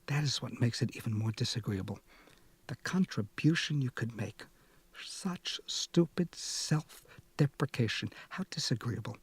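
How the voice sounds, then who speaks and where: A man's voice: medium pitch, animated, unhurried, breathy edge, no echo, in a whisper. A man voicing a stern young woman who lectures bluntly in an audiobook reading. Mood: scolding. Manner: scolding, blunt and moralizing.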